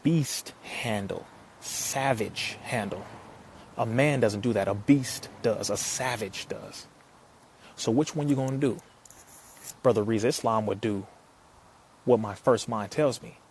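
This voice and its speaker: A man giving an impassioned talk to an audience, preacherly and forceful, firing rhetorical questions and rising to emphatic peaks. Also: lowish voice, measured pace, long pauses, a little hiss or hum. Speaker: speaker addressing an audience.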